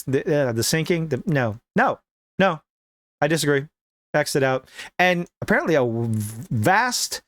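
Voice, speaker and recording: A man's voice: fairly high pitch, no room sound, clean studio sound. A man reading a news article aloud and mocking it with sarcastic asides. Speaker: commentary host.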